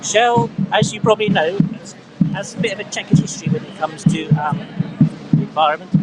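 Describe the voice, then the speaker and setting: A man with a fairly high voice talks casually while livestreaming from a street protest, pausing with fillers as he describes the scene. Loud music plays behind him. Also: poor audio. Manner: hesitant, with fillers and restarts. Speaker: livestream reporter. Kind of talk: casual on-the-spot commentary.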